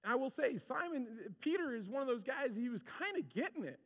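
Male pastor, high and very animated voice, casual preaching style, long hall reverb. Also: brisk. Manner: animated, conversational preaching with acted-out quotes. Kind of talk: sermon.

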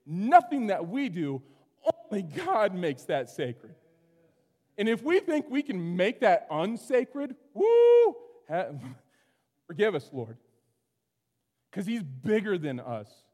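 Animated high-voiced male pastor preaching. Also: slow pace, long pauses. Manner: animated, swings from loud exclamations to hushed asides. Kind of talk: sermon. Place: church sanctuary. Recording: long hall reverb.

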